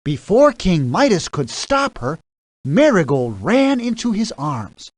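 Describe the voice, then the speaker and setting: Very slow, lively storybook narrator woman. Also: lowish voice, no echo. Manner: very slow, lively reading with acted quotes.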